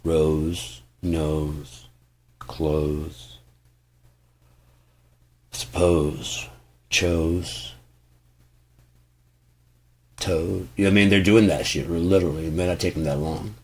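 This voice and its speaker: Male host, very low voice, chatty and profane, casual off-the-cuff delivery. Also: steady tone, takes it slowly, long pauses, slightly rough. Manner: loose, profane, full of asides and restarts. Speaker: music channel host. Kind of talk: casual rambling talk to camera.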